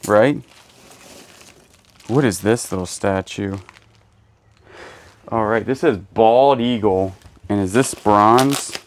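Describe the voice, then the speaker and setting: Speaking slowly with long pauses, this man has a fairly low pitch. He hosts a casual storage unit unboxing as a reseller, dropping goofy jokes as he unpacks, with birds and faint noise in the background.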